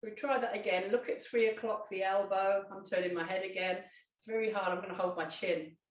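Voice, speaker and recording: Woman, Pilates instructor, calm gentle guidance, roomy sound, a bit far from the mic. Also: medium pitch, brisk, muffled recording. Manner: calm, gentle guiding with fillers and self-corrections. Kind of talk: guided exercise instruction. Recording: echoey room, voice off-mic.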